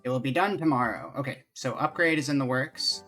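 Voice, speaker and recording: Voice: medium pitch, brisk, fairly bright tone, soft background music. A game streamer chatting casually with viewers and reading game dialogue aloud during a live stream.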